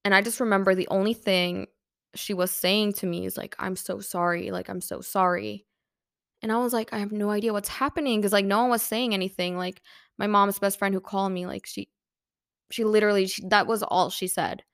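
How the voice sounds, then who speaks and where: A woman's voice: medium pitch, fairly even intonation, fairly quick, fairly bright tone, clear, resonant tone, no room sound, clean studio sound. A young woman hosting a podcast and telling a personal, emotional story, using lots of filler words. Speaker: podcast host.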